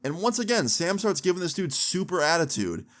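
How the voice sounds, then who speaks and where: A man's voice: high-pitched, very animated, brisk, a bit bright. A young man telling a long story to camera in a casual, swearing, filler-heavy way. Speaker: storytime vlogger.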